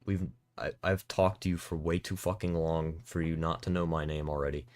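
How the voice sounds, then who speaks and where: A young man streaming, teasing in casual, deadpan banter with mumbled asides. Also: a bass voice, moderate pace.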